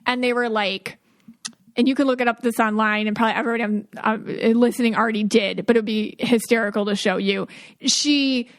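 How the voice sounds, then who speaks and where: A woman's voice: on the high side, steady tone. A woman hosting a podcast, telling a story in casual, rambling chat full of fillers and asides. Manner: chatty, quick asides, frequent fillers. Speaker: podcast host.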